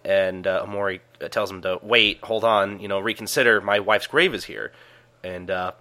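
A man's voice: fairly low pitch, steady tone, normal speed, bright, forceful tone. A man co-hosting a podcast, easygoing and chatty as he recaps a manga chapter. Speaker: podcast co-host. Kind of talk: casual chat recapping a manga.

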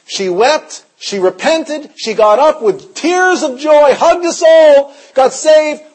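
A man preaching a sermon as pastor, telling stories, sometimes shouting and sometimes dropping to a hush. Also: extremely high pitch, slow, poor audio. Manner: storytelling, shifts from shouting to hushed.

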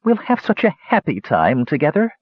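A man voicing a tiny, doting old woman with a shrill, scratchy voice that fusses over everyone, read in a storybook. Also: huge pitch swings, moderate pace, husky, no room sound, exaggerated voice. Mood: tender. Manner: cloying, fussing, teeth clicking. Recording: dull lo-fi recording.

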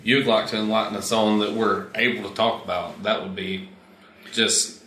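A male podcast host with a bright, forceful tone asks his guest questions in a relaxed, halting way and pauses to find his words. His voice carries a roomy echo. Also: fairly low pitch, slight background noise. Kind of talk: casual interview questions.

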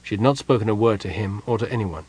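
A male audiobook narrator reads a fantasy novel with steady, even storytelling. His voice sits on the low side with a husky grain. The delivery stays composed throughout. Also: fast. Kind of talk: scripted narration.

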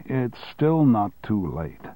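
A man reading an audiobook and voicing a calm, cautious male adviser who speaks in a measured way. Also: on the low side, dry recording.

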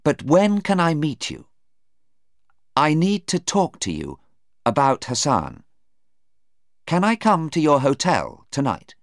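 A man voicing a calm, concerned woman in a story. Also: on the high side, takes it slowly, long pauses, no echo, studio quality, pitched above the performer's own voice, exaggerated voice.

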